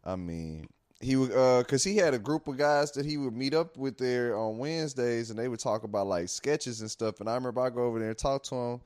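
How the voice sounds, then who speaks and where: Brief: male comic and open mic host, mid-pitched, relaxed rambler, dry close sound. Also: brisk, clean tone, no echo. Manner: laid-back, rambling, laughs a lot. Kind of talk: casual chat.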